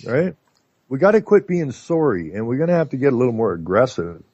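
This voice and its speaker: A Canadian man talking casually as a radio guest, telling stories in an animated way with lots of filler words. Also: medium pitch, a little fast, no echo. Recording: dull lo-fi line.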